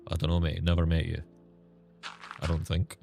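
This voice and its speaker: A man's voice: extremely low pitch, completely flat delivery, normal speed, gravelly, a little mellow, soft background music. A man streaming a game, chatting casually with viewers in a sarcastic tone and swearing freely.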